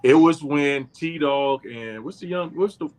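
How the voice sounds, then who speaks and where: A man, an actor guest on a podcast, telling funny stories with animated delivery and frequent laughter. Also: fairly high pitch, a little slow. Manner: animated storyteller, laughs often. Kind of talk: casual podcast interview.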